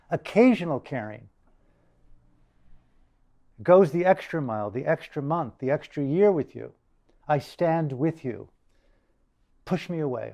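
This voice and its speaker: An older man giving a dharma talk to a group, emphatic and deliberate, repeating phrases for stress. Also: fairly high pitch, a little mellow. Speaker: dharma teacher.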